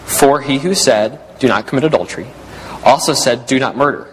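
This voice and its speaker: A man's voice: medium pitch, expressive, brisk, a little hiss or hum. A man preaching an expository sermon, reading scripture aloud and repeating key phrases as he explains them. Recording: long reverb in a large hall.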